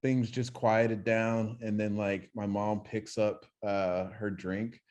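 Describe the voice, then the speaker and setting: A young man co-hosting a podcast, telling animated stories in casual chat and swearing freely. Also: lowish voice, takes it slowly, highs cut off. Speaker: podcast co-host.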